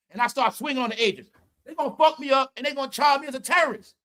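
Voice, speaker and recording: A man's voice: very high voice, fast talker, pushed and bright. A man hosting a podcast livestream, ranting in casual commentary, profane and mocking, laughing often. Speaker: podcast host.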